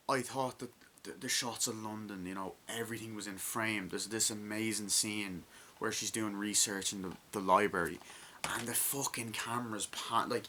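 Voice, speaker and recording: Bright-voiced man rambling excitedly about a film. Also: lowish voice, slight background noise. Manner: rambling, excited, frequent swearing and fillers. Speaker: movie reviewer. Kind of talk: casual spoken film review.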